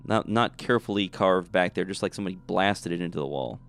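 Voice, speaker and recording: A man with a lowish, clean, resonant voice runs a tabletop game as game master. He describes rooms and calls for dice rolls in a relaxed, easygoing manner. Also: fast, vocal fry, clear, resonant tone.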